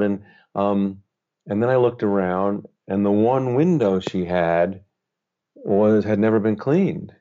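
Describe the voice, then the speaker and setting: Middle-aged guy, author guest, low mellow voice, slightly dull lo-fi audio. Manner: gentle, unhurried, thoughtful storyteller. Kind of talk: reflective storytelling interview.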